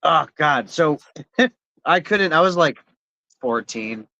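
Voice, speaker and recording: A man's voice: fairly high pitch, animated, slow pace, bright, forceful tone, no room sound, highs cut off. A man co-hosting a casual podcast, telling a laid-back story with chuckles and fillers. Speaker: podcast co-host.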